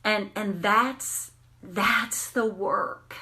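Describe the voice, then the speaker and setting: A woman coaching on tapping, telling candid, animated stories and swearing freely. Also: medium pitch, very slow. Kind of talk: casual storytelling monologue.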